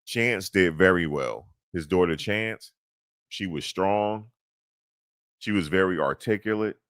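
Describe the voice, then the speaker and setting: A man retells what he saw in an animated, slangy way, circling back and repeating himself. The sound is dry and close, with no room around it. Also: low voice, slow pace, no echo. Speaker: commentator recapping a court hearing. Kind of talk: casual recap.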